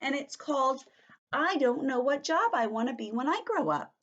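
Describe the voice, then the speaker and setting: A woman's voice: high voice, expressive, normal speed, a bit bright, lo-fi sound, pitched above the performer's own voice. A woman voicing a bold, blunt young schoolgirl in a storybook read-aloud, speaking in a raised, emphatic, childlike way. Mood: fretful.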